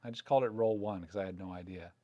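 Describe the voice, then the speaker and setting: A man's voice: deep voice, steady tone, fast, dark tone, no room sound, muffled recording. A man chatting casually and joking as he looks through his film scans live, recorded close and dry. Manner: chatty, joking, thinking aloud. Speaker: photography vlogger. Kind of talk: casual live commentary while scanning film.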